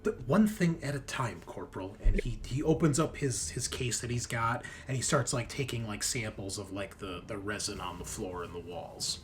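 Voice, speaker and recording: A man's voice: fairly low pitch, moderate pace, hardly any pauses, faint music behind. A man narrating as game master of a tabletop role-playing game, hesitant with many fillers.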